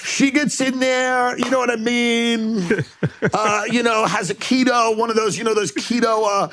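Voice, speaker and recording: A man ranting sarcastically as a guest on a comedy podcast, slipping into quick impressions of the people he mocks. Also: extremely high pitch, fairly even intonation, fairly bright tone. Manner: rambling, sarcastic, puts on voices for bits.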